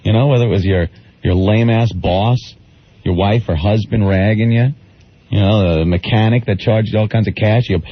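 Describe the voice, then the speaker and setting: A man's voice: lowish voice, normal speed, husky, no room sound. Crude chatty radio co-host, man. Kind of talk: casual radio banter. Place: radio studio. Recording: dull lo-fi radio broadcast with faint noise.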